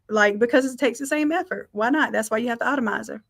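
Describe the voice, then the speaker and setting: A woman with a fairly high, creaky voice talks fast while leading a live design software lesson. Her delivery is cheerful and conversational, and she reasons out loud while working.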